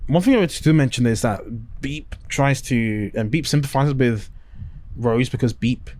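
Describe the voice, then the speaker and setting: A man co-hosting a casual review podcast, swearing a lot and acting out scenes in shrill voices. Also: moderate pace, darkish tone. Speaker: podcast co-host.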